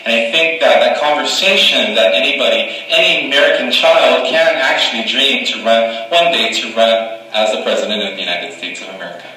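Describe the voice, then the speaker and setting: A man's voice: mid-range voice, a little fast, few pauses, bright, forceful tone, soft background music. A man from Guam giving an earnest, oratorical campaign speech at a forum in a hall, heard from far off. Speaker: political candidate. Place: hall at a community college forum.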